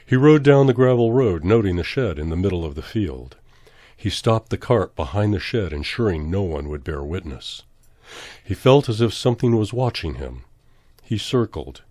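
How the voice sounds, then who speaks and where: Male horror narrator, low, measured, dramatic, dry close recording. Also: a little mellow, no room sound. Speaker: storyteller.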